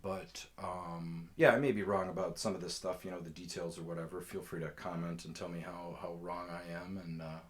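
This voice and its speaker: Low-voiced rambling man telling stories. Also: little pitch movement, a little fast, hardly any pauses. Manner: rambling, profane, laid-back. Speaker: storyteller. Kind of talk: casual storytime.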